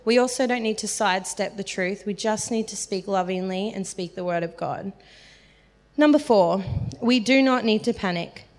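A woman's voice: mid-range voice, normal speed, darkish tone. A woman giving a casual, earnest sermon about sharing faith, talking chattily with lots of "like" fillers. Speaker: speaker teaching on evangelism. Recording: reverberant hall.

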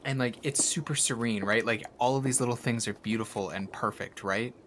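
A man's voice: medium pitch, a little fast, a bit bright, a little hiss or hum. A man narrating as game master in a tabletop game, rambling casually with many fillers.

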